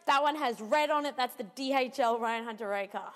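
A woman from Australia with an Australian accent, co-hosting a casual podcast chat, animated and full of quick asides. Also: fairly high pitch, in a large hall. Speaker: podcast co-host.

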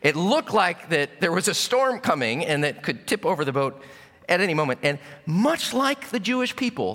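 A man preaches in a church hall, his tone bright and forceful. He tells his story with sudden shouts and hushed drops. A long reverb trails every line. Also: high-pitched. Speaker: pastor. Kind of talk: sermon. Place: church sanctuary.

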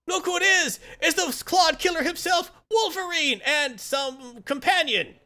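A man voicing a gleeful fight-arena announcer with drawn-out, showy delivery. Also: extremely high pitch, sharp tone, voice pushed up, heavily acted.

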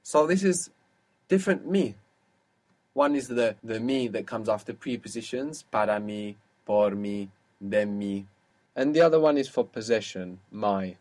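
A man's voice: on the low side, measured pace, a little mellow. A man teaching a language lesson, patiently asking questions and explaining rules step by step.

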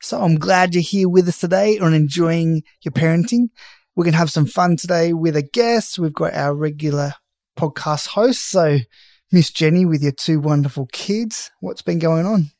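A man's voice: fairly high pitch, moderate pace, darkish tone, dry recording. Middle-aged man, podcast host, casual joking chat, self-mocking, dry close mic.

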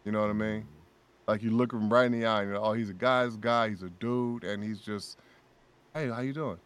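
A man talking as a guest voice actor in a casual podcast chat, an animated storyteller who laughs often and repeats his phrases. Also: lowish voice, brisk, clean tone.

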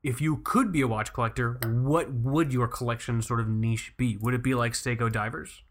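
A man's voice: mid-range voice, steady tone, moderate pace. A young man co-hosting a podcast in casual chat, rambling with lots of fillers and cursing freely. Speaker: podcast co-host.

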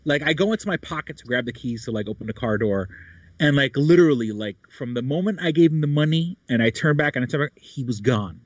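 A man tells a story in casual chat, rambling and filling gaps with many fillers. His voice sits at an ordinary pitch. The sound is dull and dry, with little room. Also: animated, quick pace, no room sound.

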